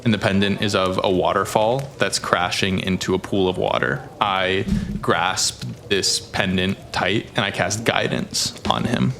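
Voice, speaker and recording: A man with a low voice plays a tabletop game and describes his character's actions. His talk is casual and chatty, full of fillers. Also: measured pace, creaky, fairly bright tone, a little hiss or hum. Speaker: player.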